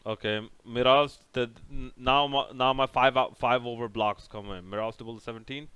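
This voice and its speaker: A man's voice: medium pitch, steady tone, normal speed, fairly bright tone, clean tone, no room sound. A young man casually recapping a cricket match over by over, rambling and sarcastic, with many restarts. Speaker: cricket reviewer.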